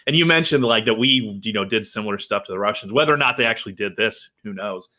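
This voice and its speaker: A man with a low voice and a sharp, bright tone hosts a casual political podcast. He speaks thoughtfully, pausing and restarting as he works through his points. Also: a little hiss or hum. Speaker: podcast host.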